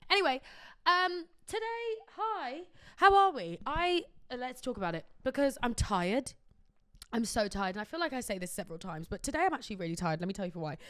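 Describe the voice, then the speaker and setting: Podcast host, woman, high voice, bubbly, animated storyteller, dry close mic. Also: fairly quick, smooth, no room sound. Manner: chatty, animated storytelling with frequent laughs. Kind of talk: casual chat.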